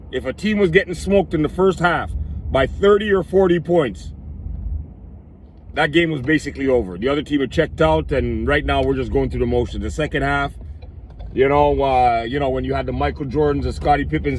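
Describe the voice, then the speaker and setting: A man with a voice he says is going hoarse, talking emphatically to his viewers in a casual sports vlog. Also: mid-range voice, slight background noise. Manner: emphatic, addresses viewers as "people". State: losing his voice. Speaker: vlogger.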